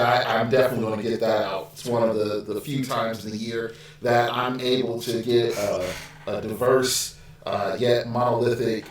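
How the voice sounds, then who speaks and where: A man's voice: medium pitch, heavy reverb. A man hosting a casual gaming podcast, chatty and loose, with a glitch that makes his audio sound robotic. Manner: loose and chatty, lots of fillers. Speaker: podcast host.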